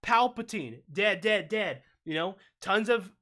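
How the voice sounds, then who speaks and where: A man co-hosting a casual livestream discussion, talking in an animated, ranting way with quick asides. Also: high voice, crowd noise. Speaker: watch-party co-host.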